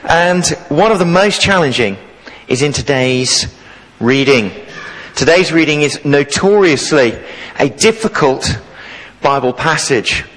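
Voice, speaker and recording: A man preaching a sermon as the new vicar, telling lively stories from his teaching days to the congregation. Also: a little high, unhurried, big-room sound, poor audio. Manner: jovial, animated storyteller. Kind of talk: sermon with storytelling. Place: church.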